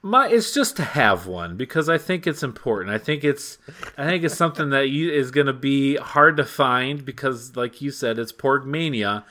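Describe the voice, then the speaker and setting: A man's voice: mid-range voice, expressive, normal speed, hardly any pauses, sharp tone. A man co-hosting a casual podcast chat, rambling with lots of ums and playful teasing. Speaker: podcast co-host.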